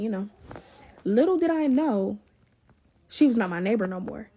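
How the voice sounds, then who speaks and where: Young woman doing a storytime vlog, high husky voice, swears a lot, chats right at the camera. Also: moderate pace. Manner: animated, profane, talks straight to viewers.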